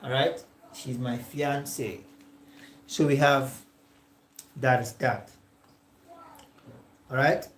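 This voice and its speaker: A male tutor with a Nigerian English accent giving a classroom lecture. He dictates slowly, repeats examples word by word and keeps asking "all right?". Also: mid-range voice, steady tone, slight background noise. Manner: slow and dictating, checks in with "all right?" after nearly every phrase; repeats example sentences word by word for note-taking. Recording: echoey room.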